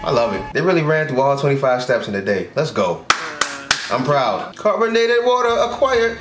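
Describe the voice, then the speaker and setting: A young man casually reacting to an anime episode, animated and slangy, laughing and swearing as he goes. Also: fairly high pitch, moderate pace, over music. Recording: echoey room.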